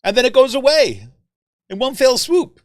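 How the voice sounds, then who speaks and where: A man hosting a political podcast, talking in an animated, rambling way with lots of fillers and tag questions like "right?". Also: very high-pitched, moderate pace, dry recording, studio quality. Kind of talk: casual political commentary.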